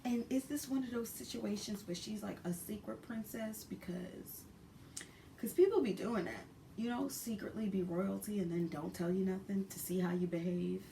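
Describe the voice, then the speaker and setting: Brooklyn woman, animated profane storyteller; distant mic, light hum. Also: medium pitch, moderate pace, gravelly. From Brooklyn, New York. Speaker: vlogger. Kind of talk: storytime vlog.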